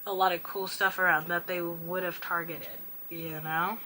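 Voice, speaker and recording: A woman's voice: lowish voice, flat delivery, normal speed, sharp tone, a little hiss or hum, rough recording. A young woman vlogger rambling candidly late at night, self-deprecating and swearing often as she vents.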